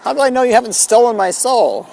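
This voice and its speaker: A man's voice: very high-pitched, animated, fast talker, vocal fry, darkish tone, pitched above the performer's own voice, full character voice, poor audio. A man voicing a suspicious, shaken old Soviet dictator who asks alarmed, pleading questions.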